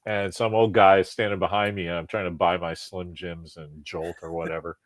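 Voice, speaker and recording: A man hosting a podcast, talking in a rambling, profane, animated way with lots of restarts. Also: low-pitched, brisk, no room sound. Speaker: podcast host. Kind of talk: casual chat.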